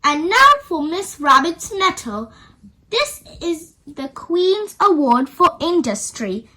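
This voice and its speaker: A woman's voice: very high voice, very animated, takes it slowly, sharp tone, voice pushed up, full character voice, rough recording. A woman voicing a kindly older queen in a children's storybook read-aloud, speaking graciously and formally.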